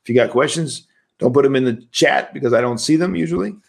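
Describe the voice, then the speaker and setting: A man's voice: medium pitch, quick pace, gravelly, darkish tone. A man, a priest, giving a livestreamed spiritual lecture in a conversational, emphatic way, often asking rhetorical questions.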